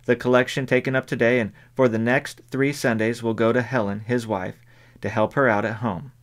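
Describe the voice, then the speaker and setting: A man's voice: mid-range voice, little pitch movement, normal speed, natural voice. A man reading the part of a stern preacher, speaking formally and declaiming to a congregation. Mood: solemn. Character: stern middle-aged male preacher addressing his flock.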